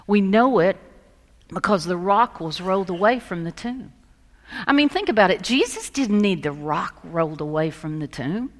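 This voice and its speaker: A woman pastor preaching a sermon, telling stories and moving between lively emphasis and hushed soft passages. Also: medium pitch, normal speed. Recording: long reverb of a large hall.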